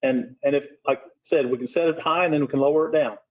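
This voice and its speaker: A man's voice: fairly high pitch, fast talker. A man, a city commissioner, speaking plainly in a public meeting in a city hall commission room. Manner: plainspoken, makes a formal motion. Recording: muffled lo-fi meeting recording.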